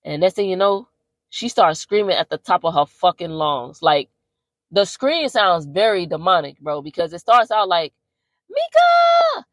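A woman podcast host recapping a horror movie in a casual, slangy and profane way, telling it like an animated story. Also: fairly low pitch, moderate pace, dry recording.

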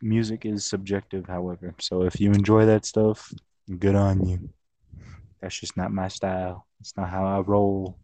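A man's voice: deep voice, flat delivery, normal speed, warm tone, dry recording. A young man chatting on a podcast, joking and goofy, often saying "bruh". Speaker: podcast co-host. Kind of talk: casual chat. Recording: dull, muffled close mic.

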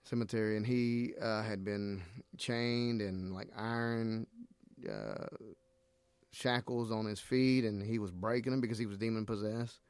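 A man's voice: lowish voice, unhurried, darkish tone, smooth, no echo. A middle-aged man from Nicaragua, a missionary guest, talking earnestly about his faith and retelling scripture stories with animation. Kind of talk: casual faith conversation.

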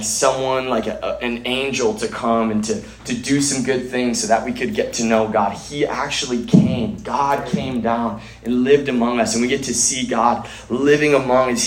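A man's voice: mid-range voice, echoey room, low-quality recording. A man preaching a sermon at a church gathering, earnest, often restarting and repeating words.

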